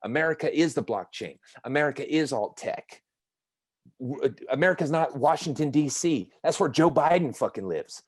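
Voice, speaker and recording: A man's voice: on the high side, animated, normal speed, no room sound. A man in casual podcast chat, talking in an emphatic, profane, ranting way.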